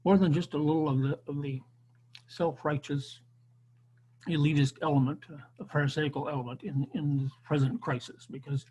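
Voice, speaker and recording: A man's voice: on the high side, fairly even intonation, moderate pace, warm tone, husky, rough recording. A man teaching an online Bible class, lecturing unscripted with frequent restarts and fillers over a video call.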